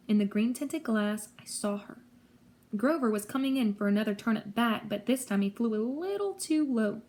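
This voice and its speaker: A woman narrates a story in the first person. Her voice sits a bit high and stays steady. She tells it with lively pacing. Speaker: audiobook reader.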